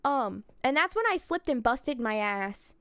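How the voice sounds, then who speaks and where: A woman's voice: on the high side, animated, measured pace, a bit bright, clear, resonant tone, no room sound. A young woman streamer telling a rambling travel story in a casual, chatty way, laughing and swearing. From United States.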